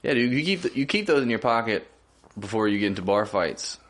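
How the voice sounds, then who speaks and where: A man's voice: fairly low pitch, lively intonation, fairly quick, a bit bright. A man co-hosting a casual podcast chat, teasing and laughing easily. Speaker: podcast co-host.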